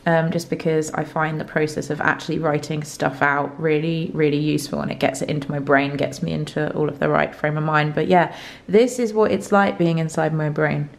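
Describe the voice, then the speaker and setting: A congested young woman chatting casually in a vlog, bubbly, and talking to her dog in a high baby voice. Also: fairly even intonation, brisk, vocal fry, echoey room. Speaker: vlogger.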